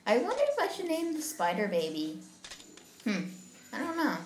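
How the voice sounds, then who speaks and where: A woman's voice: a little high, wildly swooping pitch, moderate pace, reverberant, slight background noise. A woman hosting a gaming channel, chatting and giggling to viewers as she plays through a horror game. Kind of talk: casual let's-play commentary.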